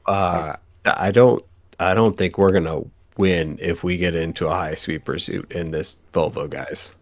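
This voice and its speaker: Low-voiced man playing a tabletop game. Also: fairly even intonation, unhurried. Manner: loose, playful, hesitant with fillers. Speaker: player. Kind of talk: casual tabletop role-play.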